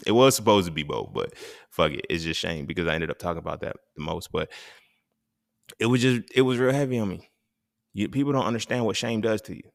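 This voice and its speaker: A man's voice: sits low, expressive, a little fast, gravelly, dry recording, clean studio sound. A young adult man, hosting a candid solo monologue, raw and profane, reflective and laughing often. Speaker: podcast host.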